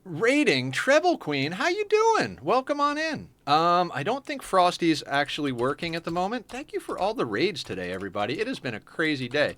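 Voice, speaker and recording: A man's voice: fairly high pitch, a little fast, hardly any pauses. A man streaming a game live, chatting casually and explaining each step of his plan as he goes. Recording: steady background noise.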